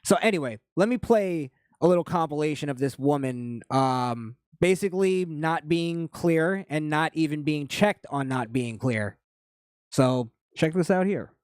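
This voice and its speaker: A man hosts a podcast, delivering pointed political commentary. His voice sits a touch high and is recorded close and dry, with no room around it. He hammers points home, repeating himself and restarting his sentences. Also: lively intonation, a little slow, a little mellow, clear, resonant tone, dry recording. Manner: emphatic, repeats points, frequent restarts and fillers. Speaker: podcast host.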